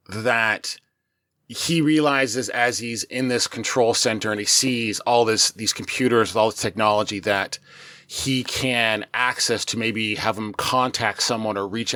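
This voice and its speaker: A man's voice: fairly low pitch, sharp tone, dry recording, clean studio sound. A man playing a tabletop role-playing game, narrating his character's moves in a playful, cinematic way. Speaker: player.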